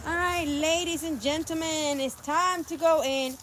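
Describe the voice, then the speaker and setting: A woman's voice: high voice, fairly even intonation, measured pace, few pauses, heavy background noise. A woman vlogging outdoors by her chicken coop on a phone camera, chatting and coaxing her birds inside. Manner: coaxing, talks to her animals. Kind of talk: casual vlog chat.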